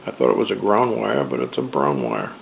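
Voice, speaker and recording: A man's voice: rumbling low, big pitch swings, fairly quick, creaky. A man with a New England accent casually narrating a DIY build, rambling as he works with his hands. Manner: rambling, talks while working with his hands. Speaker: hobbyist builder. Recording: tinny phone-like audio with faint noise.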